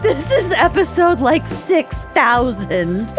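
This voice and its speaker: Giggly high-voiced woman podcast host. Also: very animated, slow, music in the background. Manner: giggly, laughs often. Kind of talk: casual chat.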